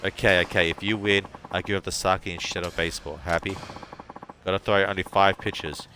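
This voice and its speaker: Casting: a man doing a gruff, folksy drunk ex-ballplayer, deep and punchy, boastful and ornery. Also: flat delivery, brisk, sharp tone, slight background noise. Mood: belligerent.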